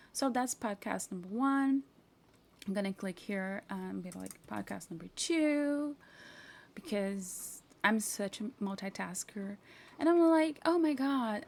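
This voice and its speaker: Woman, tutorial host, gravelly voice, chatty, faint hiss behind. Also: mid-range voice, darkish tone. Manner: chatty, self-mocking, talks to herself while clicking. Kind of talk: casual screen-share tutorial.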